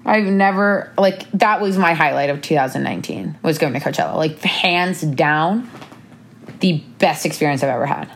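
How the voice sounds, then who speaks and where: A young woman with a low-pitched voice chats casually with a friend at a normal speed, recapping the year. She's bubbly and says "like" a lot.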